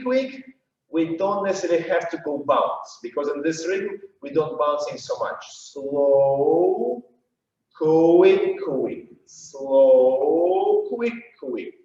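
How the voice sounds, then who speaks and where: Man, Russian accent, dance teacher counting beats; slightly high voice, echoey room. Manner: counts and chants rhythm while demonstrating. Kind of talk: dance masterclass instruction. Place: dance studio. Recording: roomy, distant, dull studio sound.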